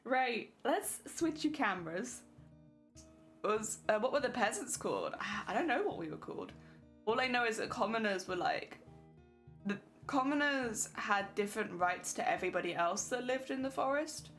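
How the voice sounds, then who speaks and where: A woman's voice: a little high, animated, normal speed, fairly bright tone, soft background music. A young woman streaming, chatting casually and laughing often while she reads chat.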